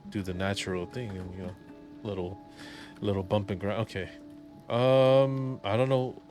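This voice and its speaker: A man doing casual, crude, joking commentary while playing a video game. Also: lowish voice. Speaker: gameplay streamer.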